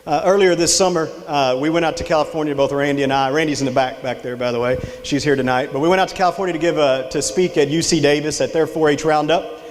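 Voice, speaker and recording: A middle-aged Texan extension director gives a folksy leadership talk to a live audience in a large hall, telling a story and drawing the crowd in with questions. His voice is fairly high with fairly even intonation and a quick pace. Slight background noise and long hall reverb color the recording.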